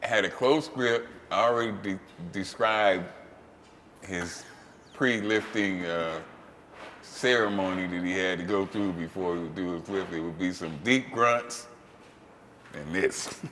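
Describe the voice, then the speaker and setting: Guy telling a wild story, lots of cussing, bright forceful voice, echoey room w/ a little hiss. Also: deep voice, a little slow. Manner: profane, animated storyteller with loud outbursts. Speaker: host. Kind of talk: casual storytelling.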